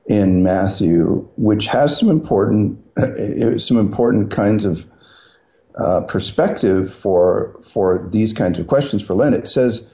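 A man guest on a radio talk show, explaining scripture in a measured way with thoughtful pauses. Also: on the low side, warm tone, lo-fi sound. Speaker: guest, institute president.

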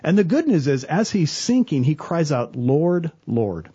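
Lively, husky-voiced man. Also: on the high side, normal speed, muffled recording. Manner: earnest, animated storyteller, quotes people in voices. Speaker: church worker, guest on a talk show. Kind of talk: casual faith talk.

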